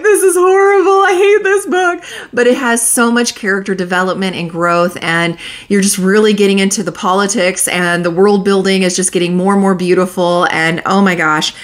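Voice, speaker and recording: A woman's voice: mid-range voice, fairly bright tone. A woman chatting candidly through her monthly book wrap-up, laughing often as she reviews. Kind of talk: casual monthly reading wrap-up.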